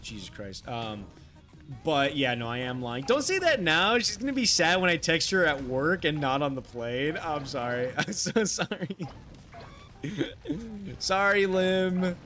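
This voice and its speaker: A man on a live stream, talking casually in a slightly higher-than-usual voice while he reads out chat messages. He rambles with fillers and keeps apologizing, dropping the odd swear. Faint music plays underneath. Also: very animated, unhurried, sharp tone. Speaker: livestreamer.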